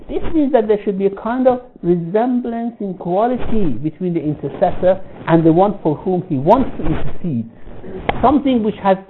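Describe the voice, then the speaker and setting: A man giving a religious lecture, telling a story, halting often to restart and rephrase. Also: a little high. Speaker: religious teacher. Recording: tinny phone-like line with faint noise.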